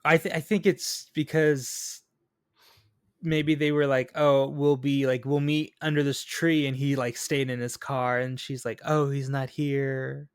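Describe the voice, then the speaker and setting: On this podcast, a male co-host chats casually about a film, animatedly acting out quotes from it. His mid-range voice is smooth and a little slow, captured as clean studio sound with no room sound.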